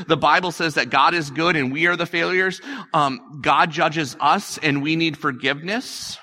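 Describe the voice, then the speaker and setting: Bright-voiced man preaching a sermon. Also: mid-range voice. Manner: conversational, repeats himself, acts out quotes. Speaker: pastor.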